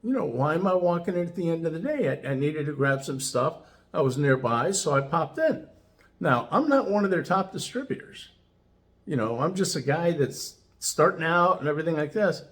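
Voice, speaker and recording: An enthusiastic man tells a personal story in a loose, chatty way, leaning on "you know" as he goes. His voice sits a touch higher than most men's and grows animated as he gets excited. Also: moderate pace. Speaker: customer giving a testimonial. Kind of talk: casual storytelling.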